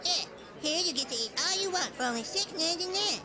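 An actor voicing a bratty, greedy chubby cartoon boy with a high, squeaky, gravelly voice, rude and whiny. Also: expressive, fast, music in the background. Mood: mocking. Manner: whiny and bossy. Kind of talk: cartoon voice acting.

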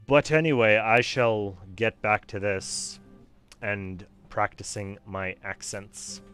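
A man with a low voice gives casual, rambling gameplay commentary, often talking to himself and trailing off into fillers. Quiet music plays faintly behind him. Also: fairly even intonation, takes it slowly. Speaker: streamer voicing a game.

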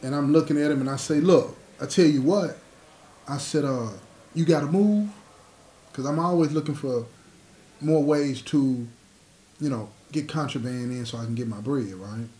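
A man's voice: mid-range voice, normal speed, dark tone. A man telling a prison story in a casual, streetwise way, acting out the dialogue and often asking if you follow him. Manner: streetwise storyteller, acts out dialogue, asks "you know what I'm saying". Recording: roomy echo.

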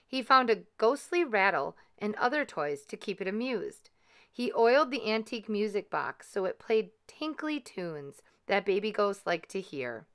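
A woman reads a children's picture book aloud in a gentle, expressive way. Her voice is bright and crisp, and she speaks kindly to young listeners. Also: mid-range voice, normal speed. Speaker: storyteller.

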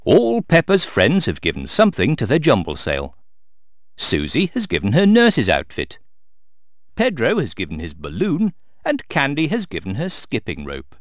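Man, children's storybook narrator, low voice, wildly varied melody, dry close sound. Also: huge pitch swings, unhurried, dry recording.

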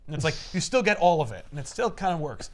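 A young adult man, recapping a comic in casual chat and jumping into quick voices for the characters. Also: on the high side, sing-song. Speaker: comic book recap host.

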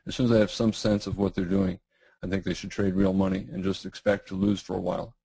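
A middle-aged man with a low, gravelly voice that is going hoarse, answering webinar questions. He talks in a halting way, full of fillers and restarts. His tone is dark and mellow, and the sound is dry and close. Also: flat delivery, no echo, poor audio. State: losing his voice, clearing throat. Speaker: guest trading educator.

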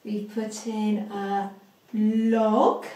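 A woman teaching young children, speaking slowly and clearly and drawing out rhyming words in a sing-song way. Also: medium pitch, level tone, warm tone, roomy sound. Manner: slow, clear and exaggerated, stretching rhyming words. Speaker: preschool teacher.

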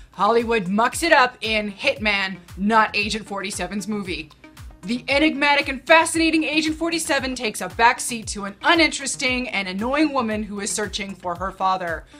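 Bright, sarcastic woman reviewing movies. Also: on the high side, a little fast, soft background music. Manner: sarcastic, blunt critique. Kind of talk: casual movie review chat.

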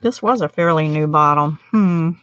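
A woman's voice: low-pitched, normal speed, fairly bright tone, no echo, highs cut off. Chatty self-deprecating woman crafting live. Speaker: card-making demonstrator. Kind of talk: livestream craft demo, chatting with viewers.

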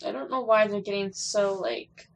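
A young woman talks her way through a game in unhurried, drawn-out phrases. She swears freely and snaps back at characters on screen, breaking into laughs and little squeals as she plays. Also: mid-range voice. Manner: laughs and squeals while playing. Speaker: gameplay streamer. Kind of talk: casual gameplay commentary.

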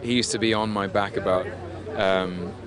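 A man's voice: sits low, fairly even intonation, normal speed. A British man, an actor, chatting animatedly in an interview at a premiere, laughing and restarting his sentences as he talks. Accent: British English. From Britain. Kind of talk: red carpet interview. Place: outdoors at a busy premiere. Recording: loud crowd behind. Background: crowd noise.

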